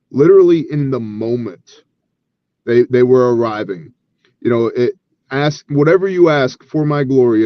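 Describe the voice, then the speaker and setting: A man's voice: mid-range voice, dry recording, highs cut off. A man who leads a relief ministry, telling stories earnestly and with animation as an interview guest, acting out the dialogue.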